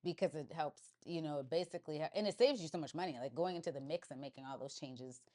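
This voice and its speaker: A woman's voice: low voice, fast, dark tone. A woman who works as a TV producer, co-hosting a casual podcast chat and explaining technical production details. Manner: explanatory, technical, thinking aloud.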